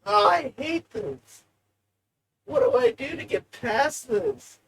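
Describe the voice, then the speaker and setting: Gravelly, slow, profane live-streamer. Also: wildly swooping pitch, a little hiss or hum. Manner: profane, rambling, emotional; swings between low mutters and loud outbursts. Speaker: livestreamer. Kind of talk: rambling live-stream monologue.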